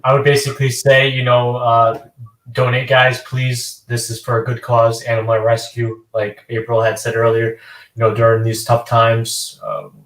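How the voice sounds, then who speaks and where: A man's voice: mid-range voice, completely flat delivery, moderate pace, fairly bright tone. A man appealing earnestly to viewers to donate. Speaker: guest. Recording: echoey room from a distance.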